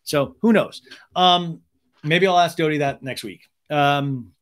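A man in his thirties talks through a reality-show recap in a loose, chatty way, dropping sarcastic asides. His voice sits a bit high for a man. He slips into mocking imitations of the people he quotes. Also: takes it slowly. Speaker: podcast host. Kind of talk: casual recap commentary.

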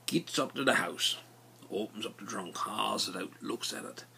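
A man's voice: on the low side, moderate pace, gravelly, slightly rough. A man telling a casual folksy story in local dialect. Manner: animated, folksy dialect narration.

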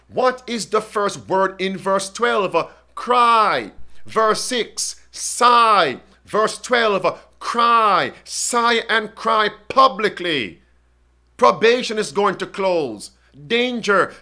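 A man preaching a sermon, reading scripture aloud and asking his listeners questions with slow emphasis. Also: high-pitched, bright, forceful tone.

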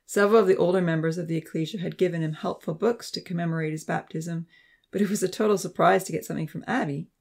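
A man narrating a Christian youth novel in a steady, clear storytelling voice. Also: fairly high pitch, fast talker. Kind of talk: audiobook narration.

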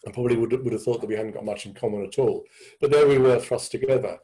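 Mellow-voiced English man recounting memories. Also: mid-range voice, rough recording. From England. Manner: thoughtful, halting, many restarts. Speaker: guest speaker. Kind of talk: reflective storytelling talk. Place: indoor room with a door behind.

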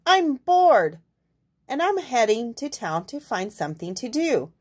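A woman's voice: fairly high pitch, sing-song, measured pace, husky, heavily acted. A woman voicing a bored, bossy little female hen in a picture book she reads aloud, insistent and squawking. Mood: determined.

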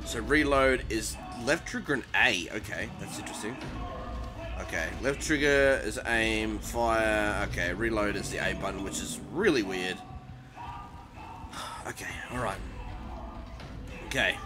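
A man's voice: lowish voice, unhurried, pauses often. A man hosting a let's play, easily frightened and blurting nervous exclamations as he plays. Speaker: gaming channel host. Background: game music.

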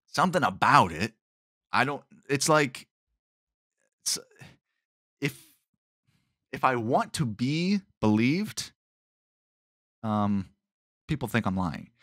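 Male podcast host, low voice, dry close sound, rambling, sarcastic-sounding delivery. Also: fairly bright tone, dry recording. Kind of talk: rambling solo podcast talk.

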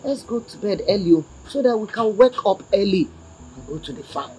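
An actress with a Nigerian accent playing a worried middle-aged mother who talks with loud emphatic exclamations. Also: mid-range voice, lively intonation, brisk, background noise, lightly acted. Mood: resigned. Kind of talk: Nollywood drama acting.

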